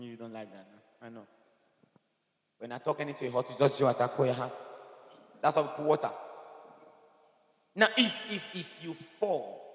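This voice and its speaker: High-voiced preacher in an echoey hall. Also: male voice. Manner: emphatic, swings from soft asides to shouting; teasing the congregation. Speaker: pastor. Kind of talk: sermon. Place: church hall.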